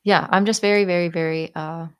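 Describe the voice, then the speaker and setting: A young American woman chatting casually to her viewers while answering their questions, animated and giggly, rambling from one thought to the next. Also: fairly low pitch, brisk, clear, resonant tone. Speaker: YouTuber.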